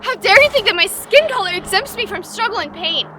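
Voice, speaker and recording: A woman's voice: very high-pitched, animated, fairly quick, recorded from a distance, very noisy. An actress playing a young woman who answers an accusation with hurt and anger. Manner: soft, then hurt and indignant.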